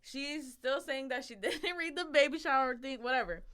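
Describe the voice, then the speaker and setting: A woman's voice: high-pitched, normal speed. A young woman co-hosting a podcast, telling a story in casual chat, acting out quotes with lots of swearing. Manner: animated storytelling, acts out quotes, swears a lot. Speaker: podcast co-host.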